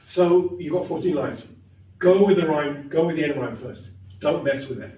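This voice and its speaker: A man's voice: fairly high pitch, expressive, normal speed, warm tone, muffled recording. A middle-aged man giving a conversational, emphatic classroom lecture on poetry. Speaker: literature lecturer. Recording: echoey classroom, mic far off, faint noise.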